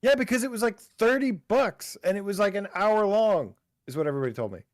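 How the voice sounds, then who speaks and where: A man co-hosts a casual live stream, teasing his partner in an animated way and filling his talk with "like". His pitch swings widely in a middle range, and the sound is dry and close. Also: brisk, dry recording. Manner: animated, teasing, says "like" a lot. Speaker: podcast co-host.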